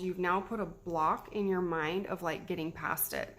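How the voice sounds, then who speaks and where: A woman's voice: medium pitch, fairly even intonation, unhurried, hardly any pauses, a little hiss or hum. A woman in her thirties, a mom giving self-care tips in a chatty, encouraging way to camera. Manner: chatty, encouraging, repeats herself. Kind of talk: casual talk to camera.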